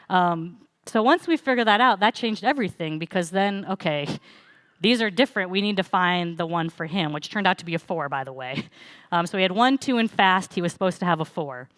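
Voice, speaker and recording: Low-voiced young woman giving a chatty sermon. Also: moderate pace, a bit bright, dry recording. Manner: conversational, storytelling with frequent fillers. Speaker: pastor. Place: church.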